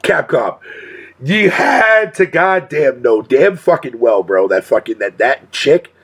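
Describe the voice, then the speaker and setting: A man's voice: mid-range voice, lively intonation, slow pace, fairly bright tone, husky. A male streamer talking casually to his chat in a profane rant, swearing constantly and laughing often.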